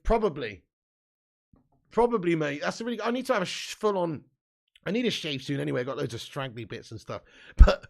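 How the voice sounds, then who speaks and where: A gravelly, fry-laden English man hosts a live football watch-along, voice pitched a little high for a man. He banters with his chat, reads comments aloud and laughs often. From England. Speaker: live stream host.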